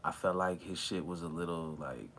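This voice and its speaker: A man hosting a relaxed livestream chat, talking in a slangy, drawling way while high. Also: normal speed. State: high from smoking. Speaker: livestream host. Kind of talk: casual chat with live chat viewers. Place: outdoors or near an open back door, windy. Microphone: phone.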